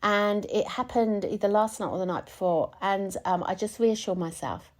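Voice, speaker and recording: Gentle, rambling woman podcast host. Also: medium pitch, fairly even intonation, normal speed, few pauses. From United Kingdom. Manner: gentle, rambling, repeats and restarts while thinking aloud. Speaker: podcast host and spiritual coach. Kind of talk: reflective casual monologue.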